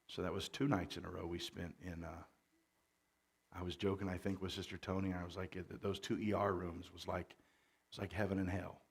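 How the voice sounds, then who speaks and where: A middle-aged pastor with a drawl tells stories from the pulpit in a casual, joking way, full of little fillers and restarts. His voice sits low, with a gravelly edge. He sounds like he's chatting with his church. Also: level tone, brisk. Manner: folksy storytelling with jokes and fillers; louder and more forceful after the mic change. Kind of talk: conversational sermon.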